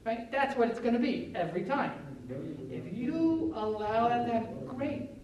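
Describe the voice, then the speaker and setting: A man giving a live talk on parenting, animated and acting out family scenes in quoted voices. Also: very high-pitched, normal speed, lo-fi sound, slight background noise. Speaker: parenting lecturer. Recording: roomy echo, speaker far from the mic.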